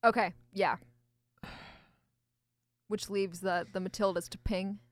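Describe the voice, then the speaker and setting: A woman's voice: medium pitch, fairly even intonation, slow. A woman co-hosting a casual chat, effusive and laughing, stammering as she agonizes over choices. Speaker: podcast co-host.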